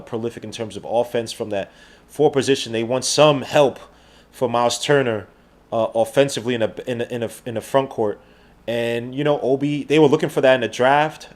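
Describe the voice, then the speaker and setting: Slangy New man hosting a podcast. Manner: slangy and rambling, swinging between loud outbursts and low mutters. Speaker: podcast host. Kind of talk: casual live-stream chat.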